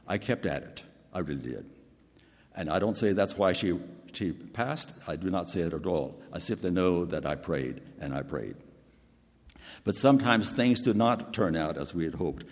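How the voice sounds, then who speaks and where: An older man with a big voice preaching a sermon in an earnest, personal storytelling way. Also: low voice. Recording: long hall reverb.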